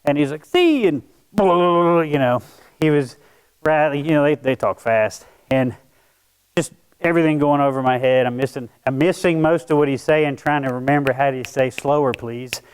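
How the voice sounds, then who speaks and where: Smooth-voiced pastor telling a story. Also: male voice, medium pitch, fairly even intonation, normal speed, poor audio. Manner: conversational, self-deprecating, with frequent restarts. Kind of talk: sermon storytelling.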